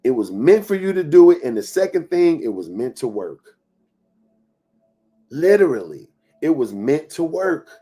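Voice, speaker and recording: Over soft background music, a middle-aged motivational speaker preaches emphatically, repeating phrases for emphasis and sinking to a low whisper to act out inner doubts. His husky, dark voice swings widely in pitch, moving a little slowly with long pauses.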